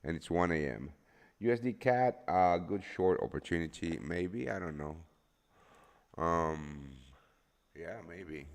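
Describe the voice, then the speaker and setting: Drowsy, low, gravelly man streaming. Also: expressive, a little slow, long reverb tail. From El Salvador. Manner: rambling, swears freely, lots of fillers. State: just woken up, drowsy. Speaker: forex trading streamer. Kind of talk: casual live-stream chat.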